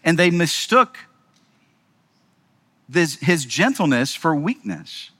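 Brief: male pastor preaching, emphatic and conversational, a touch high-pitched. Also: lively intonation, takes it slowly, a bit bright, slightly rough. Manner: emphatic, rhetorical, keeps asking the audience "right?". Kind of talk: sermon.

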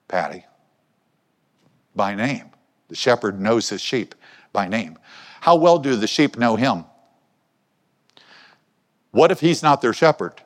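A man's voice: medium pitch, animated, takes it slowly, pauses often. A man preaching a conversational sermon, asking his listeners questions as he talks. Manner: conversational, asks the congregation questions. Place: church hall. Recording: long hall reverb.

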